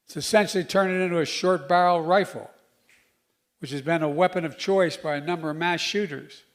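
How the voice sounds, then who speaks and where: An older man, a politician giving a public speech, who stumbles and mumbles, then bursts into loud emphatic lines. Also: a little high, brisk.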